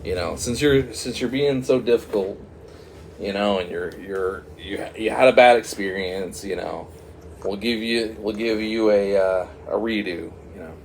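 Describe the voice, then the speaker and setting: A fussy, bureaucratic clerk, as a man puts him on, halting and rambling. He speaks in a somewhat low voice with a faint hiss behind it. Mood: officious. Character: officious government clerks, male, bureaucratic.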